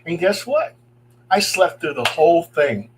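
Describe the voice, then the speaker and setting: A middle-aged paranormal investigator tells his ghost stories with gusto, and his voice sits a little high for a man. He acts out the voices of the people in his stories and chuckles now and then. A faint hum runs under the recording. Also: a little slow, poor audio. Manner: animated, acts out quoted voices, chuckles as he talks. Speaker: paranormal investigator and guest storyteller. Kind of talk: telling true ghost stories on a live stream.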